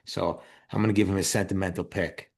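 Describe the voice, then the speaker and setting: A deep-voiced man giving his opinions on a film with friends. He circles back and repeats himself and leans hard on his points. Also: little pitch movement, brisk, vocal fry, husky. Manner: rambling, repeats words, emphatic. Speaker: podcast co-host. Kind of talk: casual movie chat.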